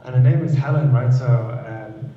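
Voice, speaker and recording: A man's voice: mid-range voice, normal speed, heavy reverb, recorded from a distance, muffled recording, slight background noise. A man, a panel guest, telling a personal story earnestly and repeating words as he goes.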